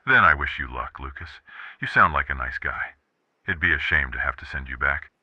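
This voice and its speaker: A man puts on a very deep, measured voice for a calm and firm boss talking on the phone in an audiobook. The sound is dull and muffled, like a phone line, with a dry, close feel. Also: slightly rough, no room sound, full character voice. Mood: warm. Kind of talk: audiobook character voice.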